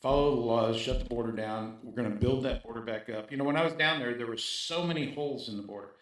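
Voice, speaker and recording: A man talks as an interview guest, pressing his points and tagging them with "right?". His voice sits at an ordinary middle pitch. The recording is very echoey, as if made in a bare room. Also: fast. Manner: emphatic, repeats points with "right?". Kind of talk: casual interview talk.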